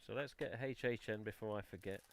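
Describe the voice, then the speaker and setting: An English-accented man with a lowish, brisk voice and some vocal fry hosts a casual collectors' live stream over a headset mic. He chats away and swears mildly while digging through boxes and handling items.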